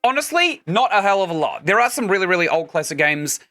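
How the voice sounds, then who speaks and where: Chatty game streamer with a bright voice. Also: medium pitch, big pitch swings, fast, faint music behind. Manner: chatty, explaining game mechanics while playing. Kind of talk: casual let's-play commentary.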